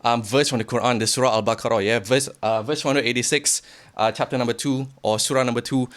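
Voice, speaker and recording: A young man giving a blunt, profane motivational rant to the camera, swinging from quiet to shouting. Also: medium pitch, steady tone, quick pace. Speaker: vlogger.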